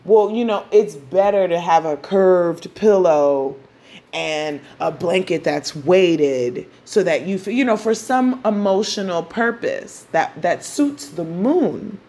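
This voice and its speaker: A woman's voice: on the low side, slow pace, dark tone. A woman voicing the Moon as an uneasy, cautious figure who wants comfort, in a hesitant, fretful way.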